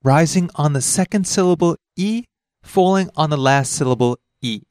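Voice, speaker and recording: Male lesson host, relaxed and chatty, dry studio read. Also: moderate pace, dry recording. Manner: chatty, laughs easily, explains pitch accent. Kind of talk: casual lesson podcast.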